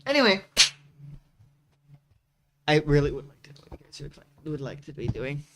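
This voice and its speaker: A man's voice: a little high, sing-song, moderate pace, background noise. A man running a tabletop game as game master, playful and laughing often.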